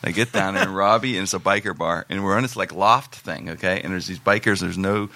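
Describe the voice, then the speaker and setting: A male comedian telling a story in casual chat with other comics, lively and laughing often. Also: low voice, fast, no echo. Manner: animated storyteller, mimics people, laughs often.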